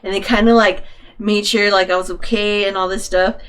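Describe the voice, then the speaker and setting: A woman's voice: medium pitch, fairly even intonation, moderate pace, a bit bright, smooth. A young woman co-hosting a podcast, telling a story in casual chat, often laughing and acting out the people she quotes. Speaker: podcast co-host.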